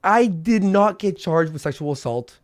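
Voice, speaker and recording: A man with a high, expressive voice speaks at normal speed. He is a streamer in the middle of an angry rant, cursing, worked up, and frequently repeating himself.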